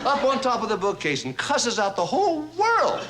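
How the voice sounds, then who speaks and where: A man hosting a variety show, telling a comic monologue in a folksy storytelling manner with drawn-out pauses for laughs. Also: high voice, wildly swooping pitch, a crowd in the background. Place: TV studio stage before a live audience. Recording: TV studio audience laughter, noisy broadcast.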